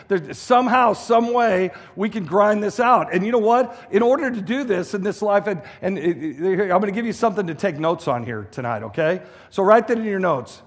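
A middle-aged man preaching a sermon as a guest pastor, emphatic and repetitive with frequent restarts. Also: sits high. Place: church hall. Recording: echoey hall reverb.

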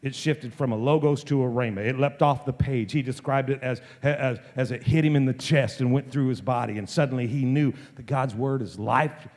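A man in his fifties, a pastor telling a story in a sermon, often halting and restarting his sentences. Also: mid-range voice, darkish tone. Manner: halting, full of repeated restarts. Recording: long reverb of a large hall.

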